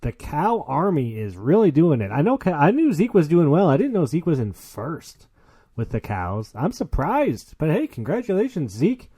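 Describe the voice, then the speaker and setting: Animated, chatty man hosting a podcast. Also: on the high side, moderate pace, husky, dry recording. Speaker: podcast host. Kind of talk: casual podcast monologue.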